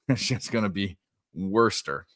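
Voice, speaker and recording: A man's voice: fairly low pitch, animated, measured pace, a bit bright, no room sound, clean studio sound. A man co-hosting a live sports betting stream, rambling and swearing, breaking off to react to the games. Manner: rambling, profane, jokey, stops to react to games. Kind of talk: casual live-stream chat. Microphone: desk microphone.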